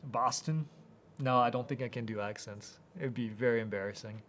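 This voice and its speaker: A man hosting a live Q&A, reading out viewer questions and answering them in a casual, halting way with many fillers. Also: lowish voice, fairly even intonation, fairly bright tone, a little hiss or hum. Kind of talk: live Q&A chat.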